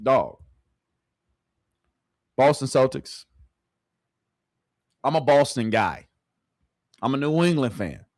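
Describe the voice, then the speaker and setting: A man's voice: medium pitch, sing-song, takes it slowly, long pauses, a little mellow, no room sound, studio quality. A man streaming live sports reactions, emphatic and repeating his points for emphasis. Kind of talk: casual livestream sports reaction.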